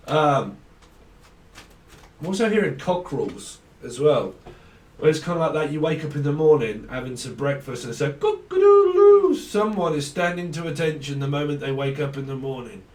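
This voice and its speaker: A man's voice: fairly high pitch, expressive, normal speed, darkish tone. A man doing a casual tarot reading, rambling and free-associating names and laughing often. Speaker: tarot reader. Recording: echoey room, mic at a distance.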